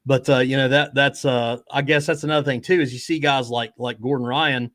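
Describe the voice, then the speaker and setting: A man's voice: medium pitch, fairly even intonation, brisk, fairly bright tone, no room sound. Casual male host, chatty, fillers, mid voice, dry recording. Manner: easygoing, chatty, lots of "you know". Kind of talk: casual conversation.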